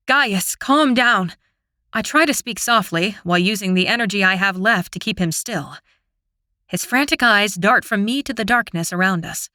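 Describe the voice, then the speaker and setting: Woman, audiobook narrator, first-person fantasy, dramatic, bright forceful voice, dry close recording. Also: medium pitch, no room sound. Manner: dramatic, expressive storytelling.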